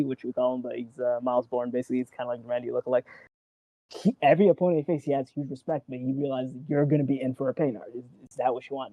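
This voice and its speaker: Excitable rambling man, dull lo-fi sound. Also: mid-range voice, dry recording. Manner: rambling, excitable, acts out quotes, swears. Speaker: wrestling show co-host. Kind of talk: casual chat.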